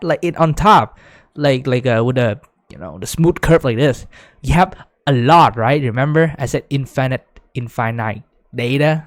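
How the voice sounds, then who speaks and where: A man giving a casual whiteboard lecture, full of fillers like "right?", growing excited as he explains. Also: medium pitch, normal speed, dry recording, clean studio sound. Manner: chatty, many fillers, rising excitement when explaining. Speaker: teacher.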